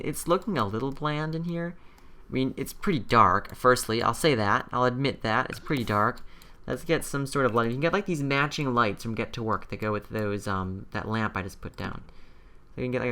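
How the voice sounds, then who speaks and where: A young man with a bright, clear tone talks his way through a building session in a casual, meandering way. He thinks out loud, hesitates often and fills the gaps with ums and likes, keeping it relaxed and unscripted. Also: mid-range voice. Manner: rambling, thinking aloud with many fillers. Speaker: video host building in a game. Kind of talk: casual gameplay commentary.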